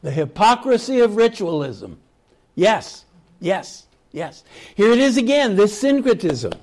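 A man teaching a Bible study, retelling scripture stories in a slow, reflective way and reading passages aloud. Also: high-pitched, sing-song, a little mellow. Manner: slow, reflective storytelling with chuckles.

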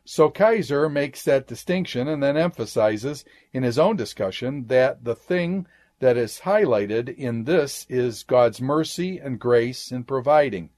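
A man teaching a Bible lesson in a measured way, marking each citation with "quote" and "end quote.". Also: mid-range voice, lively intonation, darkish tone. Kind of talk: lecture reading scripture.

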